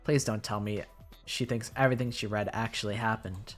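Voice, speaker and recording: A woman's voice: a bass voice, steady tone, a little fast. A woman game streamer reading all the dialogue aloud, with wry joking asides. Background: game music.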